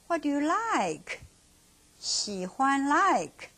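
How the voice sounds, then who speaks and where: A woman teaching Chinese to beginners, modeling words slowly and repeating them with a Mandarin Chinese accent. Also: fairly high pitch, sing-song, fairly bright tone. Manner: slow, deliberate, repeats words to model pronunciation. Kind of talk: slow language lesson with drills.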